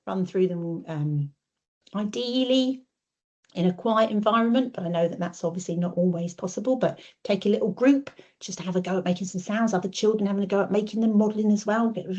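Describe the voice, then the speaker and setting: A woman's voice: medium pitch, a little mellow. A woman speech and language therapist giving a webinar, explaining step by step with frequent ums and modelling sounds in a sing-song voice. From United Kingdom. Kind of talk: webinar presentation. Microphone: video call. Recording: dull lo-fi webinar audio.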